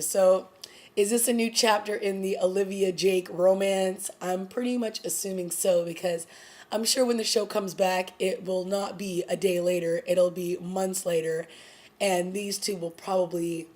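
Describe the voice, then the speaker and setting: A woman's voice: on the low side, fairly even intonation, unhurried, darkish tone. Casual female vlogger, 30s, chatty review voice that jumps up when she exclaims. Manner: chatty, exclaims and acts out quotes. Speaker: TV recap vlogger.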